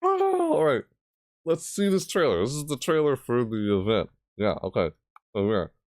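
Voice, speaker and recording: A man giving casual reaction commentary on a gaming video, thinking aloud in rambling, stop-start asides and breaking into loud screeching imitations. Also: medium pitch, huge pitch swings, normal speed, no room sound, clean studio sound.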